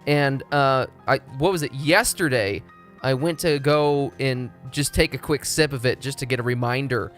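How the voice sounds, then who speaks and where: A man's voice: mid-range voice, moderate pace, a bit bright, faint music behind. A young man from Texas, chatting casually and profanely on a live stream. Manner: rambling, profane, laid-back.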